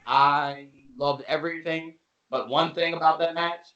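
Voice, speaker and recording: A man's voice: fairly high pitch, steady tone, measured pace, bright, forceful tone, muffled recording. A man co-hosting a podcast, joking and teasing his co-hosts in casual chat. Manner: joking, teasing, playfully indignant. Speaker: podcast co-host.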